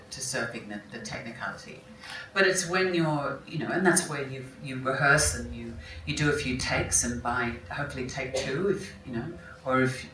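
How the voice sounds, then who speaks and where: A woman's voice: low-pitched, a bit bright, a little hiss or hum. A woman, an actress, answering interview questions onstage in a reflective way, often restarting and correcting herself mid-sentence. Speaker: film actress, guest at an onstage conversation. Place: large hall at a festival talk. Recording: roomy, distant mic, faint ambience.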